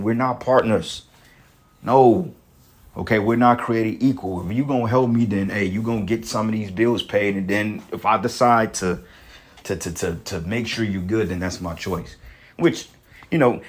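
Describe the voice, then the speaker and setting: A man commentating on a video clip in an angry, profane rant, emphatic and full of restarts. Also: on the low side. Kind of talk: heated reaction rant.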